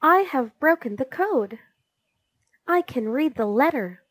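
Woman doing a loud, excitable boy. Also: sits high, takes it slowly, dry recording, pitched above the performer's own voice, heavily acted. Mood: excited. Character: excitable boy club member.

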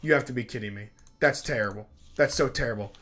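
A man giving let's play commentary as a gaming YouTuber, talking to his characters, repeating himself, pleading and excitable. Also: mid-range voice, fast talker.

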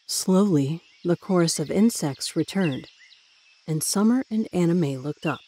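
A woman reading a spooky story as narrator, with a measured, dramatic manner. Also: on the low side, lively intonation, mellow. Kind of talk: scripted ghost story narration. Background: faint music.

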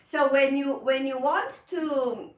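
High, laughing piano teacher. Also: female voice, slow pace, distant mic. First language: Italian. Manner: laughs often, animated, repeats words, non-native phrasing. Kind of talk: casual online music lesson. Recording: roomy echo, off-mic.

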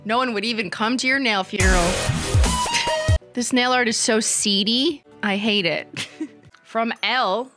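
A woman's voice: fairly high pitch, measured pace, long pauses, music in the background. A woman in her thirties hosting a livestream, roasting viewers' work with sarcastic, teasing remarks and frequent laughter. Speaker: nail art YouTuber and livestream host.

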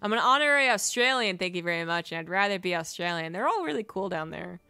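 A man's voice: sits high, lively intonation, fast talker, creaky, pushed and bright, clean tone, no echo, soft background music. Joking Canadian man casting a strategy game. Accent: General American. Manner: joking, sarcastic asides to chat. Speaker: esports caster. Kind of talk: live game commentary, chatting with viewers.

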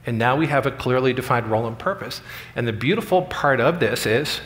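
A man's voice: medium pitch, lively intonation, a little fast, fairly bright tone. Middle-aged man giving a conference keynote. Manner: earnest, story-driven, acts out quoted lines. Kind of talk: storytelling keynote speech. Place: large conference hall. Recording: long hall reverb.

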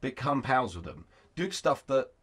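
A British man telling rambling, excitable stories with plenty of swearing as a podcast guest. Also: medium pitch, a little slow, breathy edge. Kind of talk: casual podcast storytelling.

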